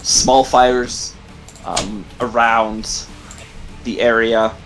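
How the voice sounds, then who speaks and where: A man narrating a tabletop game as game master, halting often with ums and restarts. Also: mid-range voice, level tone, a bit bright, faint music behind, poor audio. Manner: halting, many ums and likes.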